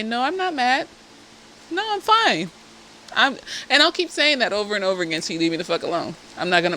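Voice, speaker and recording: A woman with a fairly high voice talks straight into her own camera. She is reviewing a TV episode as a therapist. She sounds animated, blunt and freely profane, and she keeps wandering into asides, with a faint hum of room ambience behind her. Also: low-quality recording. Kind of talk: casual review chat. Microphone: self-filmed camera.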